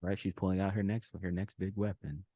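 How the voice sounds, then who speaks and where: A podcast host in a casual chat who trades corny jokes and laughs loudly and playfully. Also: low-pitched, flat delivery, fairly quick. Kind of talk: casual joke-trading chat.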